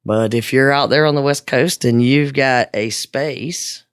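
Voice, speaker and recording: A woman co-hosting a podcast in casual chat, low-key, often trailing off and restarting. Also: a little slow, clean tone, no room sound, studio quality. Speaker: podcast co-host.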